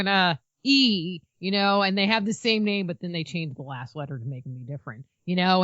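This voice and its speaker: A woman's voice: lowish voice, no room sound. Rambling woman guest, muffled dry sound. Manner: rambling, heavy use of "you know". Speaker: podcast guest, author. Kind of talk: casual chat.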